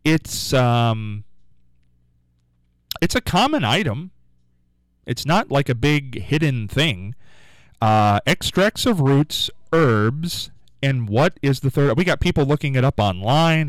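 A man hosting a live radio call-in quiz, with an upbeat, sing-song way of answering callers and a throat going hoarse. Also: medium pitch, measured pace, no room sound, rough recording. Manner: lively, upbeat, sing-song when rejecting guesses. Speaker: radio call-in show host. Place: radio studio.

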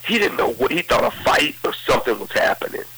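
A man's voice: medium pitch, lively intonation, a little fast, sharp tone, poor audio. A man telling a story as an interview guest, vividly retelling events with lots of quoted dialogue. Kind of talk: conversational storytelling.

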